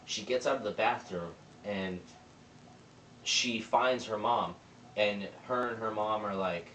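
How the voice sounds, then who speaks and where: A young man with a lowish voice walks through a movie's plot in a loose, rambling recap, slipping into the characters' lines as he goes. He sits some way back from the mic in a roomy space, with a faint hum of ambience behind him. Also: slow pace, a bit bright, distant mic. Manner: rambling, retells scenes with quoted lines. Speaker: movie reviewer.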